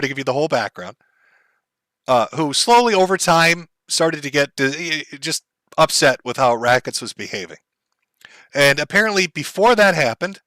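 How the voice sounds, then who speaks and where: A man with a bright, forward voice calmly explains the background on his stream, filling gaps with ums and uhs. He sits close to the mic in a dry space, pitch a bit above the usual male range. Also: dry recording. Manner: calm, measured, many fillers. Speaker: commentary streamer.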